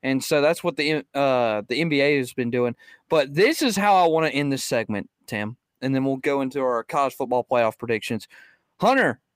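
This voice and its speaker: Hesitant, stammering sports podcast host. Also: male voice, medium pitch, animated, normal speed, clear, resonant tone, no room sound, clean studio sound. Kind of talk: casual sports chat.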